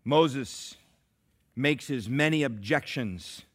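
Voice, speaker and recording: A man preaching a sermon as pastor, swinging between shouted climaxes and hushed, slow asides. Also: mid-range voice. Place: church sanctuary.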